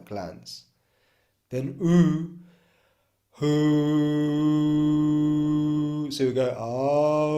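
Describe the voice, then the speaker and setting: A man leading a guided breathwork class, calmly explaining and demonstrating chanted tones, checking in often with his listeners. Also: mid-range voice. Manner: calm coaching with frequent "okay?" and "right?" check-ins. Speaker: breathwork coach.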